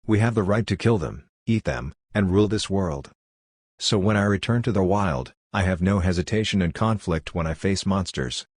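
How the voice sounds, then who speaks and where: A man voicing a blunt, ruthless girl raised by ghost leopards, speaking in flat, matter-of-fact broken English. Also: sits low, normal speed, no echo. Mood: calm. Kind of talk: audiobook character voice.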